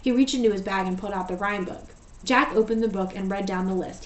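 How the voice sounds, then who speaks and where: A woman teacher reading a storybook aloud in a steady, gentle way. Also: mid-range voice, quick pace, muffled recording. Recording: echoey room, voice far from mic.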